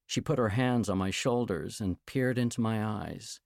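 A man narrates a novel in the first person with measured, gentle storytelling. His low voice is gravelly, with a dry, close sound and no room echo. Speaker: audiobook narrator.

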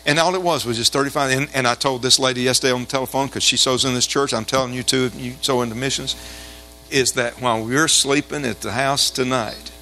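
Male pastor, rapid delivery, tense bright tone, folksy animated storyteller in church. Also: mid-range voice, slight background noise, rough recording. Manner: animated, folksy storytelling that builds to shouted exhortation. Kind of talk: storytelling sermon with call-and-response.

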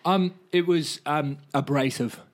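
A man's voice: a little high, unhurried. A man from South Africa talks as a podcast guest. He is dry and offhand, and he plays hard things down with wry understatement. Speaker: guest, stand-up comedian. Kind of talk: casual interview chat.

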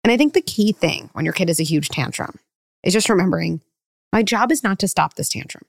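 A middle-aged woman psychologist giving parenting advice in a podcast interview, animated and full of "like", acting out parent and child lines. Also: fairly low pitch, a little fast, creaky, no echo, clean studio sound. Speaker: clinical psychologist guest.

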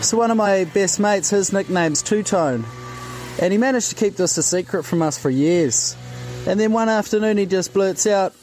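A man's voice: high-pitched, moderate pace, a little mellow, soft background music. A man telling a cheeky, sweary story in a voice message. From New Zealand. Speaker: listener sending a voice message.

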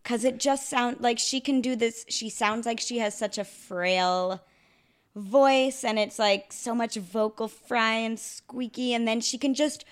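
A young adult woman co-hosting a podcast in a casual chat, animated and quick to laugh. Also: on the high side. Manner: animated, laughs often, talks in bursts. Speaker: podcast co-host.

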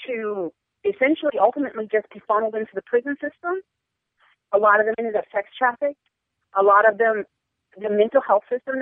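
A young woman speaking frankly and earnestly as a podcast guest, her talk full of "like" and "um". Her voice comes through a tinny, narrow phone line. The sound is dry and close, with no room echo. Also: mid-range voice. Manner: earnest, frank, many fillers like "like" and "um". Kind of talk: personal storytelling interview. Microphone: phone or call line.

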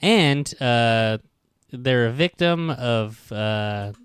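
A man's voice: mid-range voice, expressive, drawn-out words, smooth, no room sound. Wry, swearing male podcast host. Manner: profane, wry, rambling. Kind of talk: casual comedic chat.

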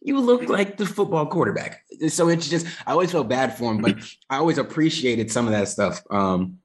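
A man in casual conversation, rambling in a relaxed, slangy way about a film actor he likes. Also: mid-range voice, normal speed. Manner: rambling, laid-back, slangy. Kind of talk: casual movie discussion.

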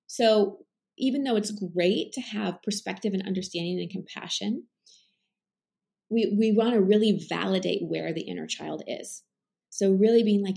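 A woman's voice: medium pitch, fairly even intonation, moderate pace, gravelly, darkish tone. A woman coach being interviewed on a podcast, explaining her ideas earnestly, with many fillers and restarts. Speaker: life coach, podcast guest. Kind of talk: conversational interview.

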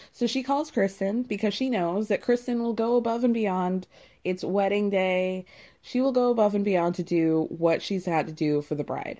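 A woman's voice: mid-range voice, warm tone. A young adult woman recapping a reality show in casual, wry chat, laughing often.

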